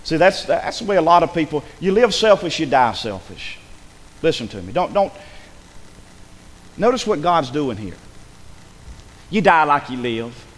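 High-voiced preacher in a reverberant church. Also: male voice, sing-song, a little slow, pauses often. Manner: preachy, repeats phrases for emphasis, builds to urgent crescendos. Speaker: pastor. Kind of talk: sermon.

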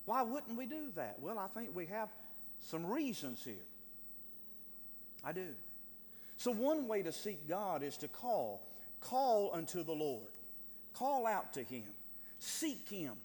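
A man preaching a sermon with fervor, often repeating words and restarting phrases, and building to shouted cries. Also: high-pitched, sing-song, slow pace, long pauses, slight background noise. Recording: long hall reverb.

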